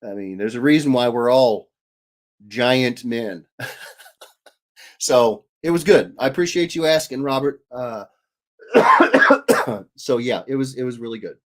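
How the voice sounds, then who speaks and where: A man's voice: medium pitch, lively intonation, a little slow, pauses often, a bit bright. Male stream host in his 30s, rambling and jokey, reads chat aloud. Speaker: host of an art livestream. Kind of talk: casual livestream chat.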